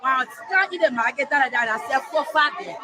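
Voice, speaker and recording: A high-voiced Liberian market woman in a street interview. Her talk runs emotional and repetitive, often crying out. A loud street crowd is heard all around her. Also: animated, fast. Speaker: market trader. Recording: crowd noise of a busy street.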